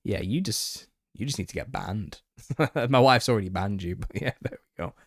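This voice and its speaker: A man hosting a live Q&A stream, reading viewer comments and answering them with exasperation and laughter, his voice a little raspy. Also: lowish voice, lively intonation, moderate pace, no room sound, clean studio sound. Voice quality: slightly raspy. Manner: reads out chat comments and retorts, exasperated, laughing. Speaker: channel host answering viewer questions.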